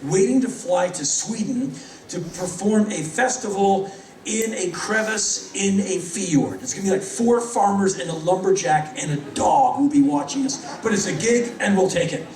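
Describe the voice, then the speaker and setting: A middle-aged man telling rapid, animated anecdotes on stage in front of a live audience, acting out other people's lines. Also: sits high. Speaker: spoken-word performer. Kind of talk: live spoken-word storytelling. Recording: echoey hall, mic from a distance.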